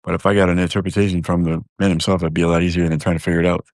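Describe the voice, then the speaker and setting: A man with a very low, deep voice hosts a casual live stream, rambling loosely from one thought to the next with plenty of fillers and restarts. He jokes around and talks straight to his viewers. The sound is dry and close. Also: little pitch movement, very fast, a little mellow, no echo. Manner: joking, talks directly to viewers.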